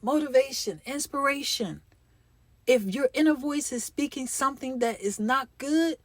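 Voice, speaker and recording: A woman's voice: fairly high pitch, dry recording. A woman hosting a faith-based motivational podcast. She talks in an emphatic, encouraging way and repeats her key phrases. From United States. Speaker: podcast host.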